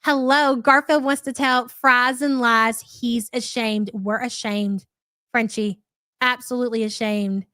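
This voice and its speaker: A woman's voice: on the high side, fairly even intonation, measured pace, pushed and bright, dry recording. A woman hosting a live reaction stream, reading out chat messages in a blunt, profane, mocking way.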